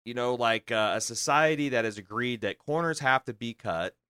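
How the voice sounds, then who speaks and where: Male podcast co-host, bright crisp voice, lowish pitch, eager rambler, dry close mic. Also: normal speed, no room sound. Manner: enthusiastic, rambling with many fillers and restarts. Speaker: podcast co-host discussing a film. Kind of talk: casual chat.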